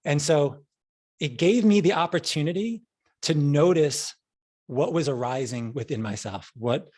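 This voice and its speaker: A man's voice: fairly high pitch, unhurried, darkish tone. A middle-aged man with a New York accent, a podcast guest telling stories in a rambling, casual way with frequent restarts. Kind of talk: casual interview.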